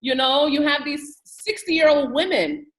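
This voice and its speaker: A woman's voice: high-pitched, animated, measured pace, rough recording. A woman guest on a roundtable who talks emphatically in slangy, casual speech and laughs easily.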